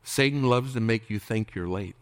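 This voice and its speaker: A pastor on the low side of pitch, speaking at a moderate pace without room sound, gives a sermon. He's preachy, bombards the congregation with questions, and jokes through impressions.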